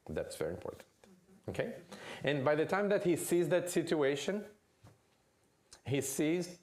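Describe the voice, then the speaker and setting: A man giving a lecture at a spiritist center, telling a family story with lively delivery and often asking "okay?". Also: on the high side. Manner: animated storyteller, checks in with "okay?".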